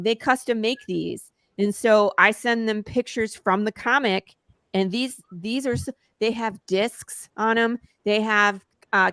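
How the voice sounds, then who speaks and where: A woman's voice: mid-range voice, no room sound. A woman guest on a casual interview show chats eagerly about her own comics. She tells stories with plenty of laughter and acts out what others said. The sound is close and dry, with no room around it. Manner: lively storyteller who laughs often and acts out quotes.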